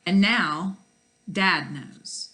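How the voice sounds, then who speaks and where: Teacher reading a chapter book to kids, lowish voice, bright tone. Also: female voice, very slow. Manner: warm, chatty asides to kids. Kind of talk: reading a children's novel aloud.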